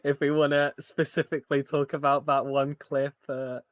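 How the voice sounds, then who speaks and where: A man's voice: on the high side, little pitch movement, moderate pace, dry recording, studio quality. A man hosting a podcast interview, mostly chiming in with short agreements and questions. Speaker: podcast host. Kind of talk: interview host.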